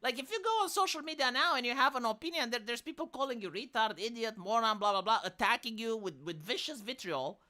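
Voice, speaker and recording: A woman's voice: a little high, fast, few pauses. A woman with a Romanian accent, ranting in casual, profane commentary on a live stream. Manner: profane, exasperated, animated.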